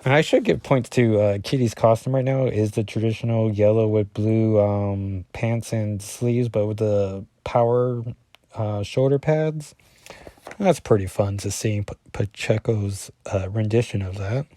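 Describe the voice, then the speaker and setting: A man's voice: fairly low pitch, measured pace, warm tone, no echo. A man casually talking through a comic book issue as a reviewer, rambling and correcting himself often with lots of fillers.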